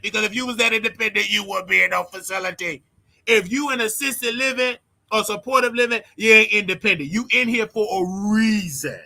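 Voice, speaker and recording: Blunt high-voiced man ranting advice. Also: bright, forceful tone. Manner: blunt, preachy, repeats his points for emphasis. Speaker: show host. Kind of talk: casual advice rant.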